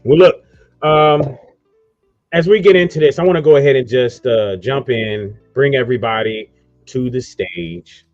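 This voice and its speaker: A man's voice: medium pitch, a little slow, darkish tone, no room sound, dull audio, soft background music. A man hosting a casual online radio talk show, rambling loosely through promos and introductions. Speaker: host.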